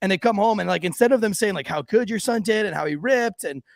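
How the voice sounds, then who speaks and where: A man with a high, gravelly voice tells a rambling, profane story. His speech is full of "like" and loose asides. The sound is dry and close. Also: expressive, fast, no echo. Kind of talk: casual storytelling.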